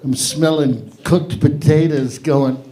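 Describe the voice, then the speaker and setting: A middle-aged man works a live open mic crowd, his voice a touch high and his delivery slow and unhurried. He rambles through a long joke, swears freely and keeps interrupting himself. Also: fairly even intonation. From half English, half Irish. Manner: rambling, profane, self-interrupting storyteller. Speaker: open mic host and comedian. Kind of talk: stand-up comedy. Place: live comedy venue with audience.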